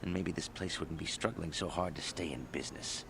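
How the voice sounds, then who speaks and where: A griping, Italian-accented clinic assistant. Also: male voice, deep voice, brisk, vocal fry, fairly bright tone, a little hiss or hum. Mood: smug. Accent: Italian-sounding. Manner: complaining, self-satisfied.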